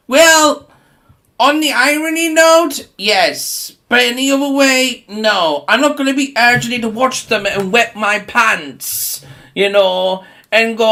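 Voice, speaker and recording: A man with an extremely high, bright and forceful voice rants casually and unhurriedly about horror movies. He swears often, laughs between his points and sometimes mocks people using put-on voices.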